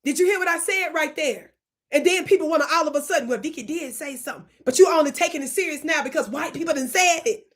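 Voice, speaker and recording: Woman, high voice, fiery preachy commentary, scolding, drawn-out emphasis, channel host. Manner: scolding, preachy, emphatic, stretches words for stress; keeps asking the audience if they are listening.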